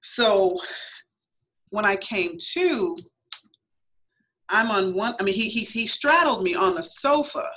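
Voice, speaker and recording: A woman's voice: mid-range voice, animated, slow, pauses often, fairly bright tone. A woman guest on a radio talk show, telling her own story in an earnest, emphatic way. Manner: earnest, emphatic, reenacts her past thoughts. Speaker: guest author. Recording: lo-fi radio audio.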